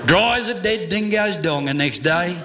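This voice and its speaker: A man's voice: sits high, animated, moderate pace, background noise. A man performing a comic slang verse, with a theatrical, swooping delivery and chuckles.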